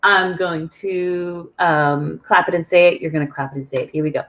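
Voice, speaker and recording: A woman's voice: fairly low pitch, steady tone, moderate pace, hardly any pauses, a bit bright. A woman teaching an online music lesson to young children, speaking patiently and leading call-and-response rhythms. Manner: patient, clear, sing-song call-and-response prompting.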